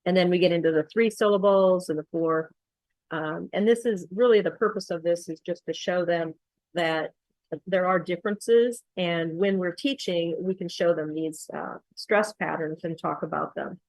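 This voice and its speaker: Low-voiced woman explaining a lesson. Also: normal speed, no echo, poor audio. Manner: explanatory, steady, with frequent ums. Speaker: accent coach. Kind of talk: screen-share tutorial walkthrough.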